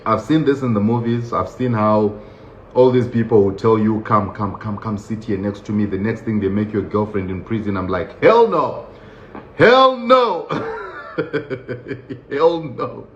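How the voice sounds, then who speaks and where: A man's voice: lowish voice, steady tone, moderate pace, a little hiss or hum. A man from Nigeria telling his own story in casual talk. He laughs often and acts out the voices of other people. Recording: roomy, slightly dull sound.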